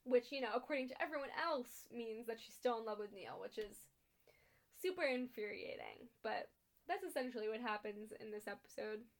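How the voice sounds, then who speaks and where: A young woman with a fairly high voice, co-hosting a casual podcast. She recaps a TV episode in loose, chatty talk, full of ums and the odd bit of swearing. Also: animated, moderate pace. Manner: chatty, frequent ums and laughs, blunt swearing. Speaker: podcast co-host.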